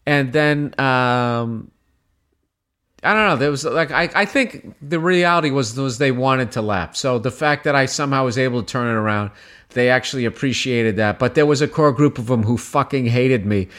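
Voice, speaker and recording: Male comedian guest, casual storyteller, profane and animated, mid-range voice. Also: medium pitch, normal speed. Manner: profane, animated, rambling with restarts.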